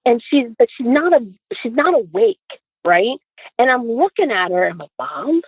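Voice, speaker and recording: A woman, a podcast guest, telling a story in casual conversation, animated and acting out the dialogue. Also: a little high, moderate pace, husky, dry recording. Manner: animated, acts out quoted dialogue. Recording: dry, phone-like audio.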